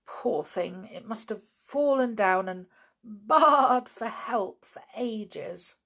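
A woman voicing a gentle, excitable young girl in a storybook reading. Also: medium pitch, slow pace, vocal fry, full character voice. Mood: excited.

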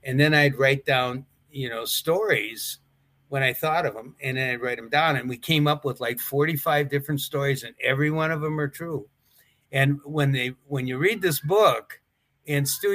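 An older man, a retired wrestler, tells rambling stories in a casual interview, restarting and chuckling as he goes. His voice is medium in pitch and fairly bright, at a normal speed.

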